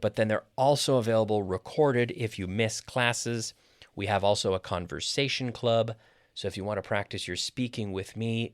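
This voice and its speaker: A man's voice: on the low side, no echo, clean studio sound. A man hosting an English-lesson podcast who explains patiently, says example sentences aloud and adds Spanish glosses. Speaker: English teacher and podcast host.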